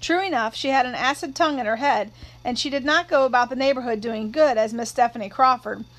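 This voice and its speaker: A woman narrating an audiobook in a steady storytelling manner. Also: a little high, fast talker, rough recording.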